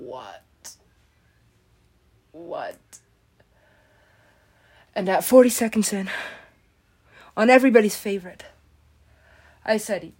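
A woman's voice: medium pitch, a little mellow. A woman rambling through a comedic commentary, swearing and giggling often.

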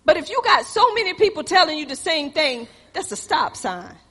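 High bright woman preaching in reverberant hall. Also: very animated, moderate pace. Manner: storytelling preaching, swings from loud exhortation to quiet asides. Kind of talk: sermon.

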